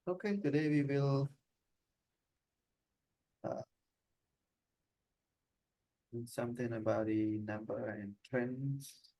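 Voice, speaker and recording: Slow-talking guy teacher, chill online class vibe. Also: mid-range voice, poor audio. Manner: relaxed, unhurried questions to students.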